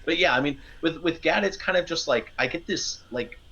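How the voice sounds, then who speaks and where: A man's voice: a little high, brisk, sharp tone, highs cut off, slight background noise. A man who is a guest on a casual live-stream chat, speaking hesitantly and conversationally. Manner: hesitant, many fillers and restarts, conversational.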